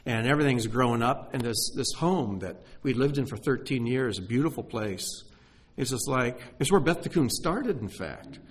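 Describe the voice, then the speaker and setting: A middle-aged man delivers a sermon in a slightly husky voice. His pitch moves a lot, dropping to hushed, heartfelt asides and rising into excited exclamations. He talks with open emotion. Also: moderate pace. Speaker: pastor.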